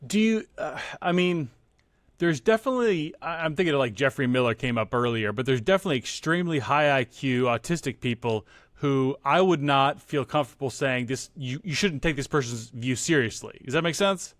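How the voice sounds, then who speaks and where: A man hosts a podcast interview, asking questions in a conversational, hesitant way. His voice sits at a middle pitch. A close mic gives it a dry sound with no room echo. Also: lively intonation, fairly quick, fairly bright tone. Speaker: podcast host.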